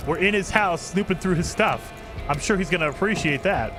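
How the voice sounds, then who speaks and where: A man streaming a video game live, chatting in excitable, rambling asides about what he sees. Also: high voice, brisk. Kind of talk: live gameplay commentary. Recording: over game music.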